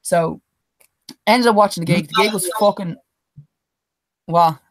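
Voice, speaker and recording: A young Irish woman with a lowish voice tells a swear-laden anecdote on a podcast at an unhurried pace, with no room sound. As a co-host in casual storytelling chat, she's animated, swears freely, and mimics what others said in quotes.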